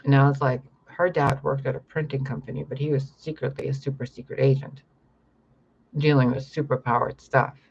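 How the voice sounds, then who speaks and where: A man's voice: mid-range voice, flat delivery, fairly quick, vocal fry, dull audio, slight background noise. A young man talking in a rambling, profane monologue to camera about his spiritual visions. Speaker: spiritual vlogger.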